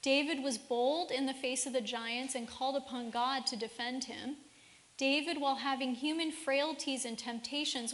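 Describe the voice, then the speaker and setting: A woman's voice: sits high, fairly bright tone. A woman giving a faith-based parenting seminar talk in a church, asking the audience many rhetorical questions. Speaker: seminar speaker. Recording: reverberant church hall.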